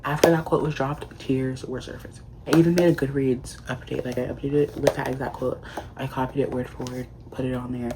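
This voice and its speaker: A man's voice: mid-range voice, flat delivery, fairly quick, background noise. A man giving a casual book review in a vlog, gushing and leaning on constant "like" fillers.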